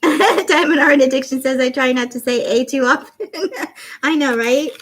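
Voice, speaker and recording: Tired giggly woman hosting a craft live, kinda high voice, little canadian-southern accent mix, just chatting away. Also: normal speed, a bit bright. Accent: mixed Canadian and Southern traces. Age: 50s. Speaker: livestream crafting host. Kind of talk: casual chat reading viewer comments.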